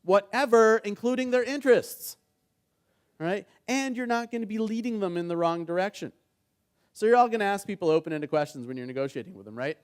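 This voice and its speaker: A man's voice: sits high, fairly quick, clear, resonant tone. A middle-aged man who works as a mediator, giving a conference workshop on negotiation. He keeps checking in with the audience and acts out the conversations in his examples. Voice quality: engaging, keeps asking the audience "right?". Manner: animated storytelling, acts out quoted dialogue.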